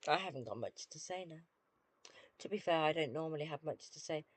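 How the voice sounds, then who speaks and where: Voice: medium pitch, animated, brisk, dry recording. A British streamer chatting casually with viewers while playing a game, dry and self-deprecating.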